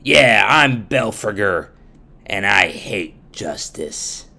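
A man voicing a gruff, unjust male judge of old who is loud, brusque and dismissive. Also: lowish voice, expressive, slow pace, heavily acted.

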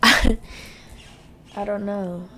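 A woman's voice: medium pitch, fairly even intonation, drawn-out words, bright, forceful tone. A young woman hosting a podcast, venting bluntly through tears and sniffles in a casual monologue, swearing freely. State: tearful, sniffling. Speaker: podcast host.

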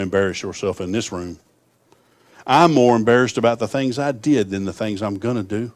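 Folksy preacher, dry sound. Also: male voice, fairly low pitch, moderate pace, no echo. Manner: folksy storytelling, swelling to fervent appeals. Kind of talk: sermon.

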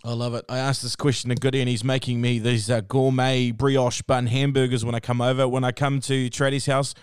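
Smooth-voiced New Zealand podcast host. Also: male voice, medium pitch, flat delivery, brisk, dry recording, studio quality. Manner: warm, effusive, says "brother" and "bro". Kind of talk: casual podcast interview.

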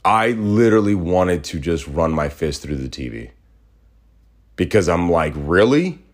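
A man hosting a podcast, talking in a casual, heated rant, blunt and full of swearing. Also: mid-range voice. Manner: profane, indignant, blunt. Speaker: podcast host.

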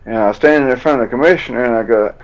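A man, a fighter telling a painful story in an interview, drawling and halting as he acts out old conversations. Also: mid-range voice. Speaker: bare-knuckle fighter guest. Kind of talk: emotional storytelling in a podcast interview. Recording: dull lo-fi audio.

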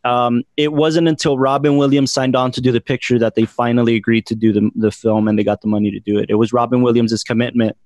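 A man's voice: medium pitch, flat delivery, fast, few pauses, darkish tone, no room sound. A man hosting a film podcast, talking casually with many fillers and restarts. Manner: rambling, lots of fillers and restarts. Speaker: podcast host.

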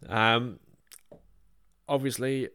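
Man, northern English accent, podcast host, bright tone, smooth voice, hesitant ums. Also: medium pitch, fairly even intonation, very slow, dry recording. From northern England. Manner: self-deprecating, many ums. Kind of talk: casual chat.

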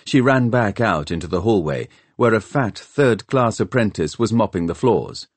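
A man reading a novel aloud as an audiobook narrator, in an expressive storytelling manner. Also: on the low side, moderate pace, no room sound. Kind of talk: scripted narration.

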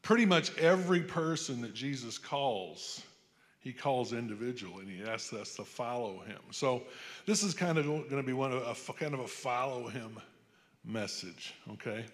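A man preaching a sermon in a church, rambling through folksy stories and asides, often checking in with "amen?". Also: mid-range voice. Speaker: pastor. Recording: long hall reverb.

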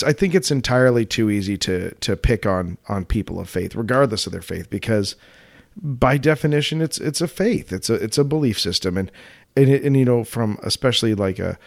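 A man co-hosting a podcast, talking in an easygoing, animated way. He laughs often and restarts his sentences as he thinks aloud. His voice sits at an ordinary middle pitch. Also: a little fast, gravelly. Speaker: podcast co-host. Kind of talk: casual chat.

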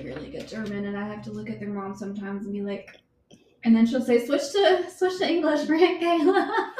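A woman's voice: fairly high pitch, mellow, a little hiss or hum. A young woman co-hosting a podcast in casual chat, rambling with many ums and giggles. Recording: roomy sound with faint ambience.

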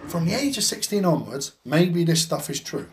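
A man's voice: a little high, sing-song, normal speed. A man with a blunt, sweary, rambling way of talking, telling a story in a casual podcast chat. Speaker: podcast co-host.

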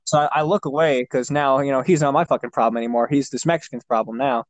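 A man's voice: medium pitch, fast talker, no echo. A young man chatting casually, telling a long rambling story with lots of swearing and fillers. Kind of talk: casual chat.

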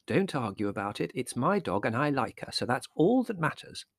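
A man voicing a fond middle-aged mother in an audiobook, gentle and mildly chiding. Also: mid-range voice, big pitch swings, normal speed, no echo, studio quality. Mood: placating. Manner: gentle, chiding, slightly fluttery.

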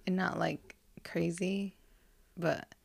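A woman co-hosting a podcast, chatting casually with a lowish voice. She is upbeat, giggly and encouraging toward her co-host. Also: steady tone, slow, vocal fry, darkish tone, breathy edge. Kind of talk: casual chat.

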